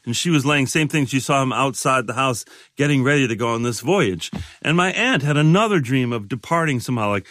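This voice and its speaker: A man in his sixties, a guest in a conversation, talking in a halting, reflective way with many restarts. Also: mid-range voice, a bit bright, no room sound, clean studio sound. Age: 60s. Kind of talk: casual conversation.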